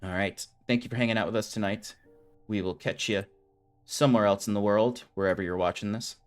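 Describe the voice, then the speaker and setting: Male game master with a lowish voice, relaxed narration full of "like" and "um". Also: a little fast, clear, resonant tone, soft background music. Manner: casual, filler-heavy description with lots of "like" and "um".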